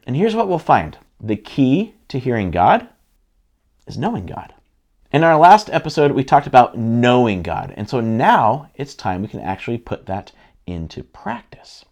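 A man's voice: medium pitch, creaky. A middle-aged man, a pastor, teaching a sermon in an earnest, conversational way with frequent restarts.

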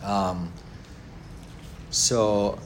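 A man teaching a church Bible class in a halting way, with many fillers, acting out everyday quotes and asking the class questions. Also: on the low side, steady tone, slight background noise.

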